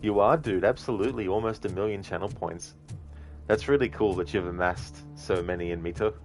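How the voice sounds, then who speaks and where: A man streaming a video game, chatting casually with viewers, relaxed and rambling with plenty of ums. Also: on the low side, fairly quick, soft background music. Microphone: streaming microphone at the console.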